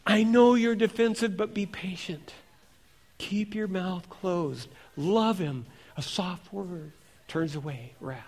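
A man voicing the quiet, gentle inner voice of the Holy Spirit, speaking softly and pleadingly. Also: very high voice, flat delivery, normal speed, few pauses, pitched above the performer's own voice. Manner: soft, hushed, pleading.

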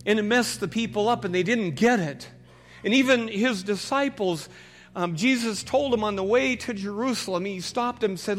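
A male pastor preaching a sermon, telling the story with loud calls and dropping to a hushed voice for prayer. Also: high voice, animated, moderate pace, soft background music.

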